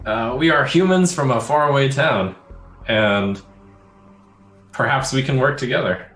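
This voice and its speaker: A man voicing a courteous, mild-mannered old man who speaks gently and placatingly. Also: mid-range voice, unhurried, faint music behind, natural voice. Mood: polite. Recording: roomy echo.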